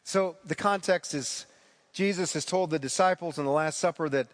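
A man's voice: on the high side, normal speed, big-room sound. A man preaching a sermon as pastor, retelling the story earnestly and repeating key phrases for emphasis.

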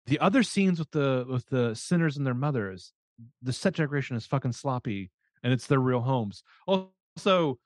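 A man's voice: mid-range voice, expressive, normal speed, dry recording. A man co-hosting a podcast, snarky and sarcastic, swearing freely while recapping a TV episode. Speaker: podcast co-host. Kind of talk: casual chat recapping a TV episode.

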